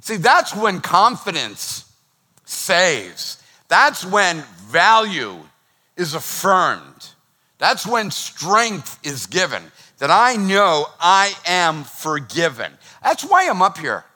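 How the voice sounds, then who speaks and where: A man preaching with a bright, forceful voice that sits a little high. He talks in a lively, conversational way and cracks jokes between points. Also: takes it slowly. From Boston. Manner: energetic, conversational, joking preacher. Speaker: pastor. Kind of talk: sermon.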